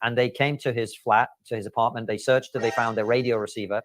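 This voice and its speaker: A man's voice: medium pitch, fairly even intonation, fairly bright tone, a little hiss or hum. A man from the former Soviet Union, telling his family's story as a podcast guest, earnest and filler-heavy. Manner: fast, earnest recounting with frequent fillers. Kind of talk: interview clip, storytelling.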